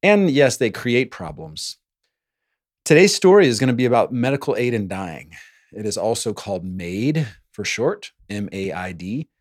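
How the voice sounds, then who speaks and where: A man's voice: lowish voice, big pitch swings, normal speed, no echo. A man hosting a solo podcast, speaking into a close mic in a playful way with jokey asides. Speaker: podcast host.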